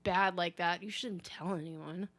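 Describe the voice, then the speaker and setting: A woman's voice: on the low side, steady tone, unhurried, a bit bright. A woman co-hosting a podcast, bluntly recapping a movie with frequent swearing. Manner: blunt, profane, talkative. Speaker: podcast co-host. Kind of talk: casual movie recap chat.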